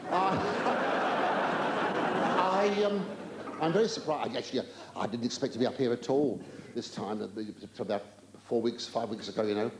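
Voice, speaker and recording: An older man doing live stand-up comedy in a large theatre, camp and rambling, with drawn-out exclamations and stammering asides. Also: mid-range voice. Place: large theatre stage with an audience. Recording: roomy live theatre recording with audience noise.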